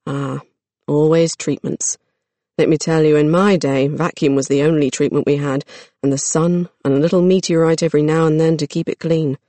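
A slow, grandfatherly old moon rock, gentle and patient with the girl it talks to, as a storybook narrator puts it on. The voice is even and mid-pitched, set in a dry, close room with no echo. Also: natural voice. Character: ancient talking moon rock, old and kindly.

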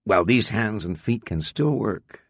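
A man's voice: lowish voice, expressive, a little slow, breathy edge, no room sound, full character voice. Ben John, a man playing a bitter arrested official. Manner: tightly controlled anger, sarcastic. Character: Ben John, angry restrained male station official.

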